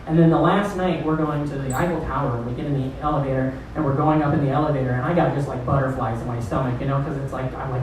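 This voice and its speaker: A man's voice: mid-range voice, steady tone, fast talker, few pauses. A man hosting a stand-up comedy show, telling a loose, profane, rambling story to the crowd. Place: comedy club stage. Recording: roomy, distant club recording.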